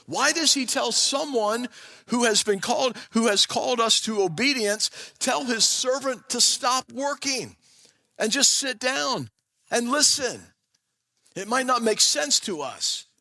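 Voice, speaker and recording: In a church sanctuary, a male pastor speaks at an extremely high pitch with a sharp tone, bringing a story to life for his congregation and talking straight to them. Long church-hall reverb surrounds his sermon.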